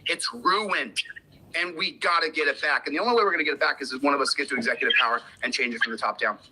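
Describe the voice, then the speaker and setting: A man's voice: medium pitch, quick pace, pushed and bright, a little hiss or hum, poor audio. A man giving an impassioned political talk in a clip, emphatic and repeating his key points. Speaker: political commentator.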